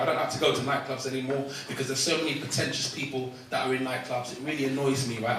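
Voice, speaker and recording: A man's voice: medium pitch, slight background noise. A man performing a stand-up comedy set, chatty and punchy with frequent asides to the crowd. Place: comedy club stage with laughing audience. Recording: echoey club audio from far off, loud crowd.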